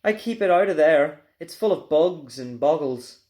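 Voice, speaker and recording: A man's voice: a little high, lively intonation, moderate pace, a little mellow, lightly acted. A man voicing an anxious young boy in a storybook reading, pleading and worried.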